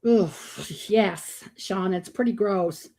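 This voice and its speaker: A woman's voice: medium pitch, slow pace, dark tone. A woman hosting a live reaction stream, greeting viewers by name and speaking bluntly, with frequent swearing and disgusted groans. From Florida. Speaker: livestream host. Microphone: streaming microphone.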